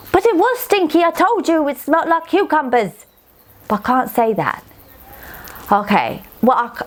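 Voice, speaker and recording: A woman doing a cheeky little fairy girl. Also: high-pitched. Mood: indignant. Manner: animated, childlike, talks straight to the listener. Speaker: children's storyteller. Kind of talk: children's storytelling.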